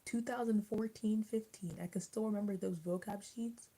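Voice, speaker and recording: A woman's voice: mid-range voice, steady tone, moderate pace, dark tone, rough recording. A young woman vlogger chatting casually while eating, rambling with lots of restarts and fillers. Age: young adult. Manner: rambling, many restarts and likes. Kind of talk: casual mukbang chat.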